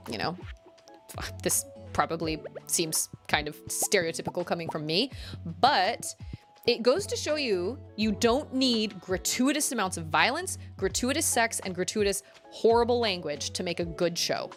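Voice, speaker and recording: A woman streaming a farming game, chatting casually in a rambling way, full of "like"s and quick laughs. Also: on the low side, fairly bright tone. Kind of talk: casual chat while playing.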